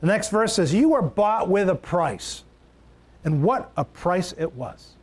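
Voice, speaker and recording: A man preaching a sermon, emphatic, repeating key phrases and swinging his pitch for stress. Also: sing-song, a little slow, darkish tone, husky. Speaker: pastor.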